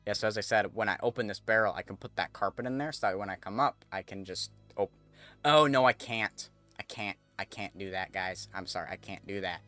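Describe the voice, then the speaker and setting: A man's voice: lowish voice, pushed and bright. A man streaming a game, chatting casually to viewers as he thinks aloud and corrects himself. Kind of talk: casual gameplay commentary.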